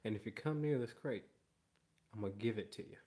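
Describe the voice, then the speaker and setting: A man's voice: on the low side, a little fast, dark tone. A man working as a dog trainer, explaining training in an emphatic way and repeating key phrases. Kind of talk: instructional explanation.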